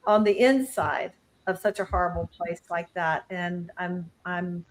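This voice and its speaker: A woman guest on a video call, grateful and emotional, speaking in halting phrases. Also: fairly low pitch, steady tone, rough recording.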